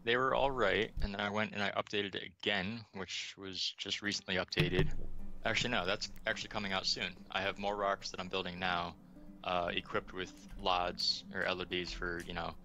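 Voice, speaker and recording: A man from the United States with a very low, bright and forceful voice, chatting casually as a guest. He talks about his work with enthusiasm, filling pauses with ums. Faint music plays underneath. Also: level tone. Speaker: game asset developer guest. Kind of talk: casual interview chat.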